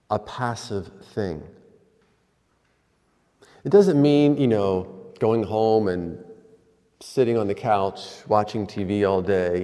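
A man preaching a sermon in a church, telling stories slowly with pauses. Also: on the low side, warm tone. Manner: slow, storytelling with pauses. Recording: long hall reverb.

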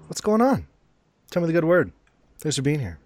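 A man's voice: a little high, wildly swooping pitch, brisk. A man hosting a podcast in a casual, jokey chat, laughing often. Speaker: podcast host.

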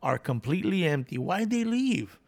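A man's voice: a little high, big pitch swings, normal speed, vocal fry, a little mellow. A man co-hosting a casual chat, animatedly retelling a story and acting out the voices in it. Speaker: podcast co-host.

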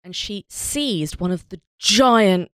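A woman, a podcast co-host telling stories in a wry, animated way during casual chat. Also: mid-range voice, slow, clean tone, no echo, studio quality.

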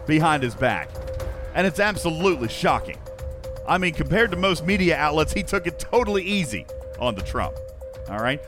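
Congested man reading joke news. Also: a little high. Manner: jokey, talks to chat viewers by name. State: congested from allergies. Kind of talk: comedic live-stream chat.

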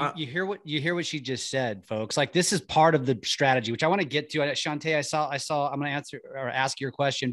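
A man hosting an interview, energetic, often restarting his sentences. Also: on the high side, dry recording, studio quality. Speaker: host. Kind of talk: casual interview chat.

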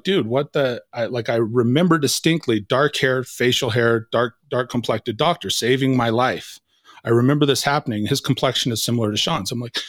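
A man in his forties, a podcast guest, telling a personal story with vivid quoted dialogue and dropping to a hushed tone at intense moments. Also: mid-range voice, no echo, clean studio sound. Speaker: podcast guest, leadership coach.

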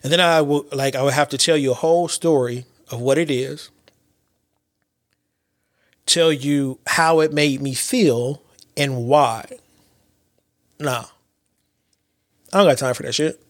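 A man in his late thirties hosting a podcast, talking through his thoughts in a casual, animated way, with repeats and slang. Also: medium pitch, measured pace, long pauses, dry recording, studio quality. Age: late 30s. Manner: animated storyteller with repetitions and slang. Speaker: podcast host. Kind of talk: casual reflective monologue.

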